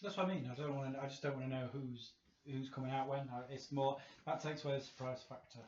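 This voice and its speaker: Quiet, low-key Yorkshire podcast host. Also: male voice, fairly even intonation, fast, a little hiss or hum. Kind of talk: casual chat. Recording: echoey room, dull lo-fi sound.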